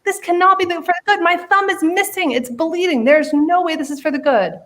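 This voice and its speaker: A woman voicing an outraged young male king who shouts in a raised, high-pitched voice during a spoken story. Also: normal speed, natural voice, poor audio. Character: furious young male king, grieving and panicked.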